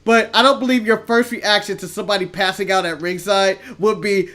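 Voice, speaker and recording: A man's voice: high-pitched, steady tone, fairly quick, few pauses, a bit bright. A man co-hosting a casual chat show, laid-back and opinionated, rambling through his takes. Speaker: co-host.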